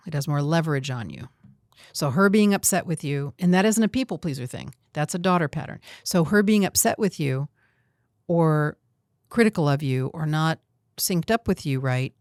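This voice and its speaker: A woman's voice: sits low, a little mellow, no room sound, clean studio sound. A woman hosting a coaching talk, direct and emphatic, teasing her guest now and then. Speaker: host and coach. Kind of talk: coaching conversation.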